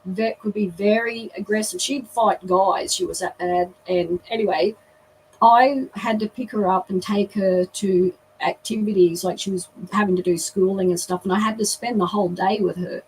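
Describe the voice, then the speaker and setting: A woman's voice: medium pitch, moderate pace, slight background noise. Woman telling a story, distant mic. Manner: lively, animated storyteller. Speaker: guest. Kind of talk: storytelling in an interview.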